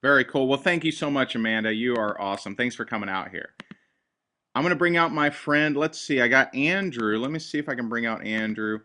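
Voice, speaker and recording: A man hosting a sales presentation on a call, talking in an upbeat, enthusiastic pitching manner. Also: lively intonation, a little fast, pushed and bright. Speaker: host.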